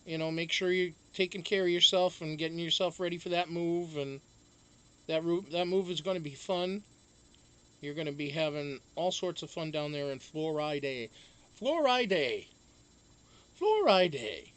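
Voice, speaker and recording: A man's voice: on the high side, steady tone, normal speed, pushed and bright, clean tone. A man hosting a casual live stream, chatting loosely, greeting viewers one by one and swearing freely.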